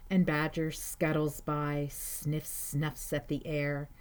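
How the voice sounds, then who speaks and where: A woman reading a children's picture book aloud, adding gentle, chatty asides to her listeners. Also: deep voice, flat delivery, slow, clear, resonant tone. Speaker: storyteller.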